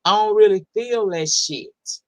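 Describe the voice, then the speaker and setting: A woman talks casually on her livestream, answering chat in a blunt, sassy, heavily profane way. She stretches words out when she wants to make a point. Her voice sits at a middling pitch, and the sound is close and dry, with no room echo. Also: measured pace. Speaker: livestream host. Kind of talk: casual livestream talk, reading chat comments.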